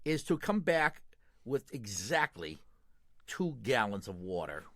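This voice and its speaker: Wisecracking Boston radio host, lively and bright. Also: male voice, mid-range voice, slow pace, dry recording. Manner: wisecracking, teasing, animated. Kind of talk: jokey call-in radio banter.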